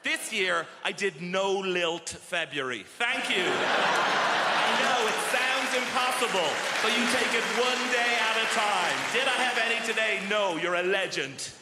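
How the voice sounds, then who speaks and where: A man with an Irish accent doing a wry, animated stand-up comedy set on stage in a large theatre. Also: sits high, measured pace, very noisy. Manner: wry, animated, shouts in character voices. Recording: roomy live theatre with loud crowd.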